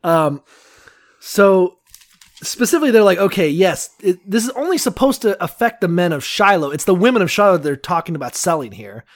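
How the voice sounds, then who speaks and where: High, swingy guy voice, podcast cohost riffing and cursing a ton. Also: brisk. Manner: animated, swears a lot, acts out voices. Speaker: podcast co-host. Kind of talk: casual profane comedic chat.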